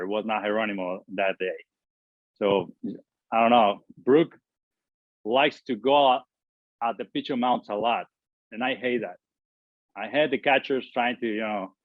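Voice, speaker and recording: A man tells long stories as an interview guest, stopping and restarting with many fillers. His voice sits fairly low. It comes through a tinny, phone-like video call line with a dry sound. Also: dry recording. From Mexico. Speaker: former baseball pitcher, guest. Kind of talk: storytelling interview answers.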